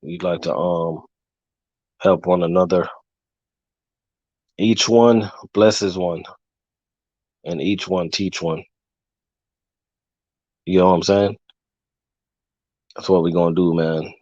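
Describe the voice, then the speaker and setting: A man hosting a casual livestream, talking loosely with fillers and giving long shout-outs. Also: sits low, fairly even intonation, takes it slowly, pauses often, no room sound. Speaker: livestream host. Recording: dull, lo-fi dry sound.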